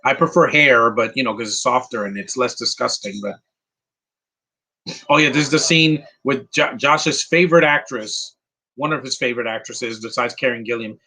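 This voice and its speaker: A man's voice: mid-range voice, normal speed, sharp tone, low-quality recording. A man giving casual live commentary while watching a movie, rambling and opinionated, with many fillers and restarts.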